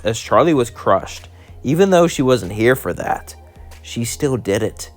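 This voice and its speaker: A man's voice: mid-range voice, lively intonation, a little slow, soft background music. A man casually narrating a fan-made what-if story in a loose, rambling way. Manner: casual, loose, keeps saying "would say".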